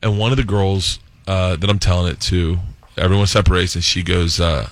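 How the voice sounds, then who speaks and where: A man telling a rambling, excited comic story as a guest, laughing often and restarting his sentences. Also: sits low, brisk, no echo. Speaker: guest comedian. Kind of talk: comic storytelling, pitching a sitcom idea.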